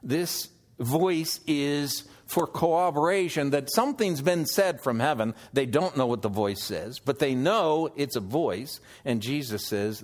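A man preaching an expository sermon, teaching slowly through scripture and asking the listeners questions. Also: mid-range voice, animated. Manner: slow, measured teaching with scripture quotes; emphatic, questioning delivery.

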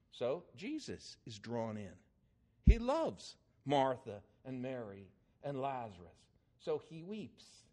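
An older man preaching a sermon, telling a story with swings in emphasis and loudness. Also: medium pitch.

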